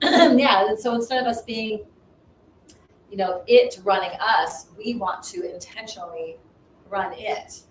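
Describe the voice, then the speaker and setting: A woman minister and business coach in casual spiritual chat, animated and acting out inner voices. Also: medium pitch, unhurried. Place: home livestream. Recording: roomy, distant mic, faint noise.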